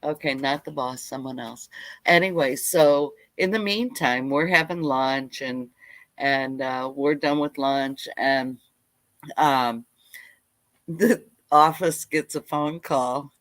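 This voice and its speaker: A woman's voice: a bass voice, slow pace, no room sound. Rambling middle-aged woman telling stories. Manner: rambling, animated, side-tracked. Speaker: homestead channel host. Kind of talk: casual live storytelling. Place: home livestream.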